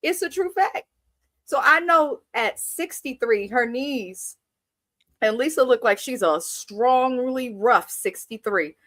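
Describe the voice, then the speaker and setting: A woman's voice: on the high side, lively intonation, slow pace, a bit bright, no echo. A woman in her thirties from Kenya, hosting a live TV recap with blunt, profane, laughing storytelling. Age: 30s. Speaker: show recap host.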